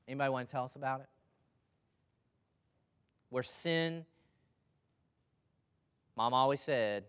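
A man with a drawl delivers a sermon in an easy, talkative manner. He keeps breaking off to ask the congregation questions and pulls them into the teaching, with a voice sitting at an ordinary middle pitch for a man. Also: normal speed, long pauses, fairly bright tone, clear, resonant tone. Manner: conversational, asks the congregation questions. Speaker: preacher.

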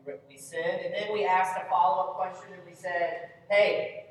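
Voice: mid-range voice, little pitch movement, normal speed, slight background noise. A Bible study teacher leading an interactive lesson, constantly quizzing the group with questions. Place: large echoey meeting room. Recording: very echoey hall, speaker far from mic.

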